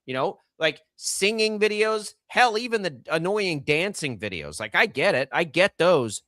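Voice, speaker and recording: A middle-aged man ranting in disbelief on a radio sports show, his voice high and swinging widely up and down. The tone is bright and sharp. The studio mic sounds close and dry. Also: unhurried, no room sound. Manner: animated, incredulous ranting. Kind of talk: casual radio banter.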